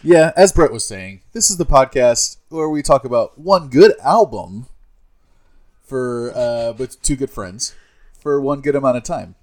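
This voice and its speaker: Teasing, animated podcast co-host man. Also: medium pitch, a little slow. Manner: joking, teasing, playful. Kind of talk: casual podcast chat.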